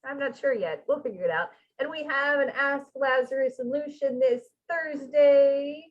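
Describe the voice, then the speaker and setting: Giggly high-voiced woman, dull audio. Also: moderate pace. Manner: giggly, teasing. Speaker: channeler and co-host. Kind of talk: casual chat.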